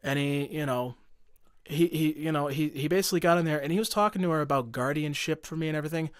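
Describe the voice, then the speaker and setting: A man's voice: on the high side, fast, no echo, studio quality. Young man telling a heated story. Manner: profane, heated, full of fillers. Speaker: podcast guest. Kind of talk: casual storytelling.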